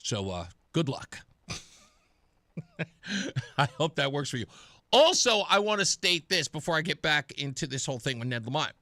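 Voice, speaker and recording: Middle-aged male radio host, chatty storyteller, bright and animated, dry studio sound. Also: a little high, moderate pace, long pauses, no echo. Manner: chatty storyteller, laughs at himself. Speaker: radio talk show host. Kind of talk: casual radio monologue.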